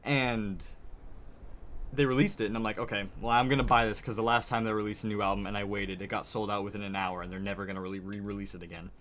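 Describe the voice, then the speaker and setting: A man's voice: on the low side, little pitch movement, fast talker, a bit bright, a little hiss or hum. A young man live-streaming, chatting casually and rambling in a frazzled way straight to his viewers. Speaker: livestreamer.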